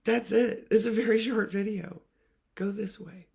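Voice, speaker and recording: A woman's voice: medium pitch, steady tone, a little slow, creaky, a little mellow. A woman literacy coach talking reflectively to camera, earnest and emotional, often dropping her voice to a near whisper.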